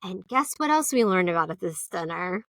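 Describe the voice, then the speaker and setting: A woman co-hosting a casual chat about reality TV, telling stories fast and acting out the people she quotes in exaggerated voices. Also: lowish voice, animated, a bit bright, no room sound, studio quality. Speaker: podcast co-host.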